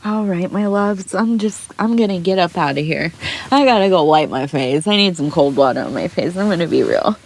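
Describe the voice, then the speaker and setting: A woman's voice: fairly low pitch, a little mellow. A woman who reads tea leaves, speaking in an earnest, rambling way with many restarts. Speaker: tea leaf reader. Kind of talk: heartfelt spoken aside in a reading video.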